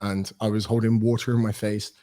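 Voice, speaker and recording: A lowish, fairly quick male voice belongs to a British personal trainer in his thirties who's a podcast guest. In the relaxed interview he tells stories energetically and acts out the lines he quotes.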